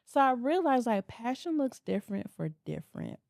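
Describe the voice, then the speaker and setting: A woman from the American South hosting a podcast, telling stories in an animated way and acting out the people she quotes. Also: on the high side, moderate pace, creaky, dry recording, studio quality. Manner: animated storyteller, acts out quotes with big voice swings. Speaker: podcast host. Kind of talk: casual conversational interview.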